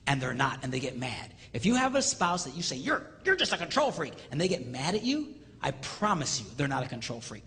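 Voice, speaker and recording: A man's voice: mid-range voice, sing-song, brisk, fairly bright tone. A man giving a live, comedic seminar lecture, acting out quoted voices for laughs. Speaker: seminar speaker. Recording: reverberant hall with faint noise.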